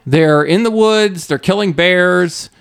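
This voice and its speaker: A man's voice: high-pitched, takes it slowly, creaky, smooth. A man co-hosting a casual podcast, joking and ranting, often laughing as he talks. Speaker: podcast co-host.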